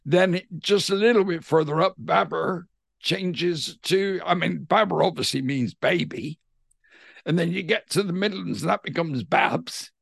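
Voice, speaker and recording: Here a pantomime actor, a middle-aged man with a West Country accent, chats in an interview with a high, creaky voice, speaking a little slowly. His manner is enthusiastic and talkative, full of animated storytelling, and the audio is dry and studio quality.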